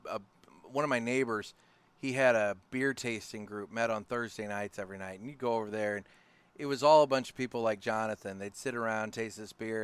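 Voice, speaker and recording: A man's voice: lowish voice, clean tone, dry recording. A male podcast host from the St. Louis area, chatting casually and telling loose anecdotes in a studio. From St. Louis area, USA. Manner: relaxed and laughing easily, with loose anecdotes. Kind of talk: casual chat.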